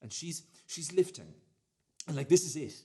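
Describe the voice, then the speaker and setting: A man's voice: on the high side, lively intonation, normal speed, mellow, natural voice. A young man playing a cocky youth in a student radio play monologue, swearing, rambling and dropping to a near-whisper. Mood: smug. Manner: swearing, rambling, drops to near-whisper, laughs mid-sentence. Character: cocky young man boasting about a dinner date.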